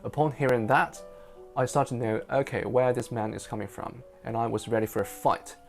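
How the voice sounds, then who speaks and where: A man's voice: mid-range voice, fairly even intonation, moderate pace, creaky, soft background music. A man whose first language is Chinese, an interpreter, telling a personal story in casual English for learners. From China. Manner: casual, chatty.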